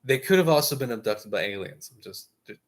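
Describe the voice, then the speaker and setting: A man's voice: mid-range voice, a little hiss or hum. A man hosting a gaming stream, telling a long story in casual chat with jokey asides and frequent laughs. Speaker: stream host.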